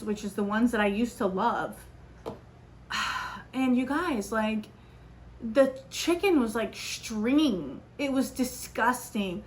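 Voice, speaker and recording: A young woman hosting a podcast, telling a story in a chatty, animated way with lots of fillers. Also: a little high. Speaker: podcast host. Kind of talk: casual solo podcast chat.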